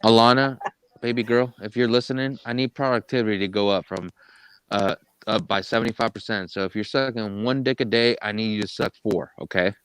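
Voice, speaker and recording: A man's voice: on the low side, steady tone, fairly quick, a bit bright, clear, resonant tone, dry recording. A man in a casual live chat, joking crudely and playing at being bossy. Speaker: co-host of a live gossip chat.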